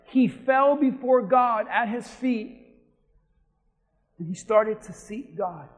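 Man preaching, really high voice, gets loud and fired up, big echoey church sound. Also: takes it slowly. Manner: impassioned preaching that builds to shouting. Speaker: pastor. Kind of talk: sermon. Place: church sanctuary.

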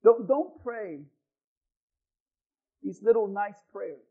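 Pastor, man, very high voice, fiery sermon with sudden drops to quiet, muffled lo-fi sound. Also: expressive, slow pace. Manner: swings from loud shouting to quiet asides. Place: church hall with congregation.

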